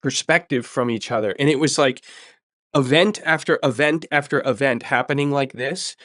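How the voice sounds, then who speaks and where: A man's voice: mid-range voice, normal speed, fairly bright tone, no echo, studio quality. A man telling a travel story in a casual interview, emphatic and enthusiastic, often repeating words for stress. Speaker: podcast host sharing his story.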